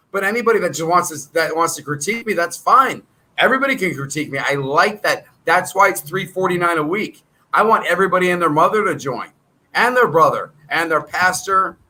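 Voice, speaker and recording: A man's voice: high-pitched, pushed and bright, poor audio. A middle-aged man hosting his own trading channel, talking straight to viewers in a rambling, salesy, combative way. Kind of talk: casual monologue to viewers.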